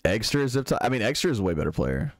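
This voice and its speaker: Lively low-voiced male streamer. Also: rapid-fire, no room sound, studio quality. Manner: relaxed, swears freely, answers viewers' questions. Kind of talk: casual chat reading out live chat.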